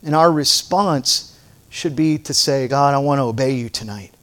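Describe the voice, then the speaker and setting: A man's voice: mid-range voice, moderate pace, a bit bright. A middle-aged male pastor preaching a sermon, moving from playful storytelling to fervent exhortation.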